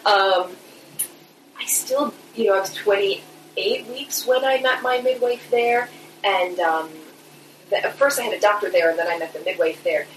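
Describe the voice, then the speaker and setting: A woman telling her own birth story in a casual, animated way, laughing often. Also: medium pitch, unhurried. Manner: animated, chatty, laughs often, many fillers. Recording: echoey room, mic at a distance, noisy background.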